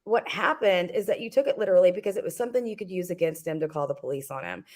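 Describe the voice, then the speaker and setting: Fast-talking scolding woman host. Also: lowish voice, expressive, a little mellow. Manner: lecturing, scolding. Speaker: live-stream host. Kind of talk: heated live-stream argument.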